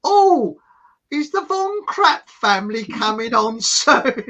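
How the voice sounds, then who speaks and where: A man putting on the voice of a loud, daft older woman who chatters and sings out during a film, speaking in a shrill, gushing tone. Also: very animated, slow, muffled recording, full character voice.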